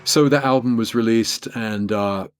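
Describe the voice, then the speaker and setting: An English man in his fifties, a guest guitarist telling stories in an interview in a chatty, animated way, full of "you know" and "like". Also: medium pitch, unhurried, soft background music. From England. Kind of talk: casual storytelling in an interview.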